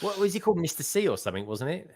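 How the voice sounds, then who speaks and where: A man's voice: on the high side, very animated, very fast, a little mellow. A man, a guest in a casual livestream chat, talking colloquially and laughing easily. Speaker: guest co-host.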